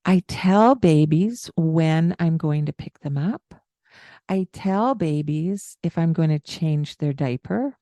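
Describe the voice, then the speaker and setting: Calm, low-voiced woman explaining. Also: slow, dry recording. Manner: explains calmly, demonstrates baby talk with high sing-song bits. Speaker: parenting podcast co-host. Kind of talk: casual podcast chat.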